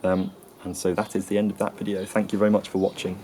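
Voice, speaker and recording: A man with a very deep voice talks through an educational explainer in a level, even tone, pausing to hedge and correct himself. He is recorded outdoors near a tree, with faint ambient noise in the background. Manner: measured, explanatory, self-correcting. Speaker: video presenter on accents. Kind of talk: educational talk to camera.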